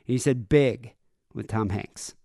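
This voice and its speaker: This time the co-host speaks a little slowly, his medium-pitched voice carrying vocal fry, as he animatedly retells a story on the podcast and voices both sides of the conversation. Clean studio sound, no room sound.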